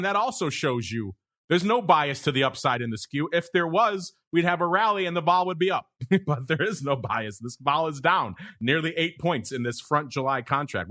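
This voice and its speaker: A man's voice: on the high side, bright, forceful tone. A man hosting a podcast, chatting casually about markets and laughing often in playful banter. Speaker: podcast host.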